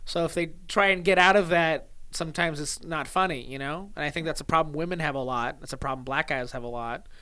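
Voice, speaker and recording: A man's voice: fairly high pitch, fairly quick, hardly any pauses, bright, forceful tone, clean tone. A young adult male comedian in casual podcast chat, rambling, laughing often and trailing off mid-thought.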